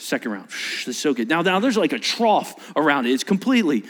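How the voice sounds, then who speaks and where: A male pastor preaching a sermon to a large live congregation, telling a story with animated energy and acting out its scenes. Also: on the high side, fairly quick, in a large hall.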